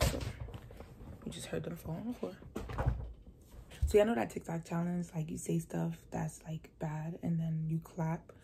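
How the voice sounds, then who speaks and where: A woman's voice: on the low side, creaky, background noise. A teenage girl vlogging casually at home, chatty and self-mocking, often dropping to a whisper. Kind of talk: casual vlog chat.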